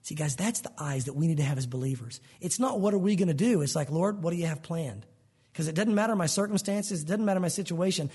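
Man, pastor, sermon, high voice, husky, animated, acts out voices. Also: fast talker.

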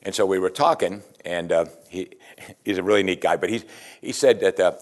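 Male pastor, lowish voice, relaxed conversational sermon with frequent restarts. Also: moderate pace. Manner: conversational, repeats "you see", frequent restarts.

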